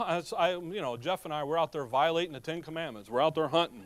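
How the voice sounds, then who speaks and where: A man's voice: a little high, fast, few pauses. A middle-aged male pastor preaching a sermon in a folksy manner, full of joking asides and rhetorical questions.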